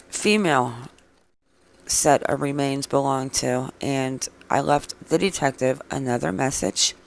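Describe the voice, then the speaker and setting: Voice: medium pitch, creaky. A true crime vlog host reading out viewer comments in casual chat, with blunt, sarcastic replies. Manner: opinionated, chatty.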